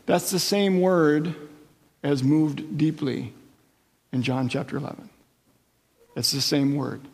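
Man, pastor, conversational sermon, high voice, reverberant hall. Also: fairly even intonation, slow, creaky, long pauses. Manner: conversational preaching, checks in with listeners.

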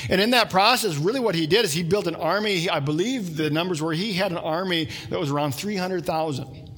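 A man's voice: high-pitched, fairly quick, a bit bright, slightly rough. A pastor giving a conversational sermon with asides to his listeners.

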